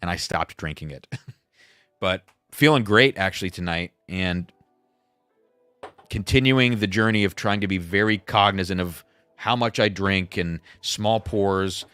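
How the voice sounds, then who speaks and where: Deep-voiced man chatting on a livestream. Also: measured pace, fairly bright tone, smooth, no room sound, faint music behind. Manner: rambling, self-deprecating, reads viewer chats aloud. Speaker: livestream host. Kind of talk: casual livestream chat.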